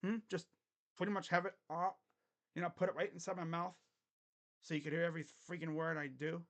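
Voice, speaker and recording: A man with a high-pitched voice hosts a casual sports livestream from his home setup, talking into a desk microphone. His tone is grumbling and sarcastic, and he swears offhandedly as he chats. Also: little pitch movement, brisk, a bit bright.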